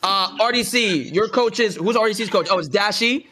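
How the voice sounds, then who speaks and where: Bright-voiced man explaining tournament rules. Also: sits high, moderate pace, a little hiss or hum. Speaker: tournament organizer. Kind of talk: casual gaming voice chat.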